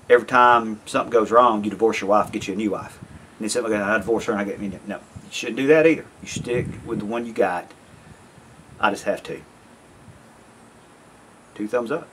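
A man's voice: on the low side, normal speed, pauses often, a bit bright, a little hiss or hum. Folksy man rambling to camera. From American South. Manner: rambling, folksy, self-interrupting. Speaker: YouTube vlogger. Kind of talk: casual monologue to camera.

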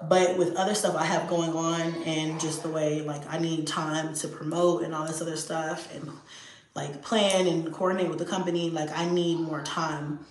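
A young adult woman chatting casually to her viewers, lively, swearing freely and acting out her kids' voices. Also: sits low, normal speed, a little hiss or hum. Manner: animated, acts out voices of her kids. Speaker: video host. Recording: echoey room.

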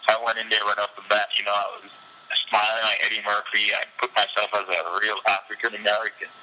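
A man's voice: lowish voice, monotone, quick pace, pushed and bright, poor audio. A professional fighter being interviewed, a man telling his story candidly and casually, with loose fillers and frequent laughs.

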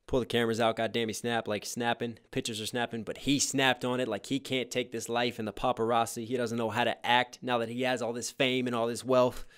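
A man's voice: mid-range voice, level tone, a little fast, hardly any pauses, a bit bright, clean tone. Man hyping and unpacking rap lyrics. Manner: explains lines one by one, bursts of hype. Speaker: rapper reacting to a song. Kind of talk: casual reaction and lyric breakdown. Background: hip hop track playing faintly.

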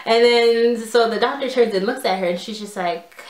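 A young woman telling a storytime vlog in a casual, animated way, full of "like" and quoted dialogue. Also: medium pitch, moderate pace, few pauses. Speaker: vlogger. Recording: echoey room.

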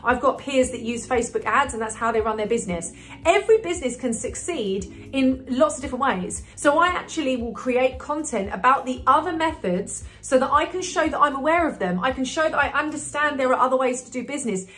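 A woman's voice: high-pitched, lively intonation, brisk, fairly bright tone. Chatty woman coaching on marketing. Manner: chatty, upbeat, many fillers and restarts. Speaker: business coach. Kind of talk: talking-head marketing advice video.

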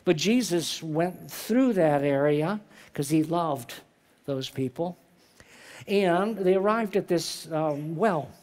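A man's voice: on the high side, animated, slow, darkish tone. A man preaching a sermon as pastor in a church, reading scripture aloud and explaining it with rhetorical questions.

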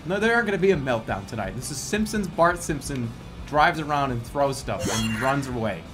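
A man streaming a video game, talking in a loose, rambling way, getting excitable and then mocking himself. His voice sits at a middle pitch, with game music playing clearly behind him. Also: a little fast. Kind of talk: casual live-stream commentary.

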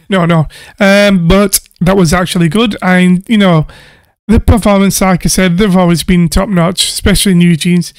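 An enthusiastic man gives casual reaction commentary as a music producer, laughing and gushing as he goes. His voice sits high for a man and sounds smooth and clear. The recording is dry and close. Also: steady tone, normal speed, no room sound.

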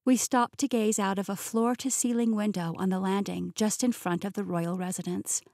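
A woman reading a first-person fantasy novel as a professional audiobook narrator, in a smooth, even-paced telling. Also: medium pitch, normal speed, no room sound, studio quality. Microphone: close studio mic.

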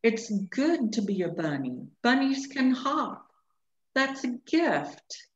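A woman's voice: on the high side, very animated, takes it slowly, voice pushed up. A woman voicing a small, lonely young male bunny who speaks in a plaintive, sniffling way. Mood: hopeful. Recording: echoey room, dull lo-fi sound.

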